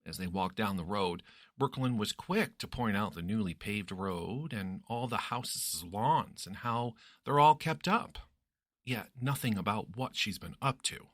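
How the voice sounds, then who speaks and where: A man reading a story aloud as narrator in an expressive, lively way. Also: lowish voice, a little slow, dry recording, studio quality.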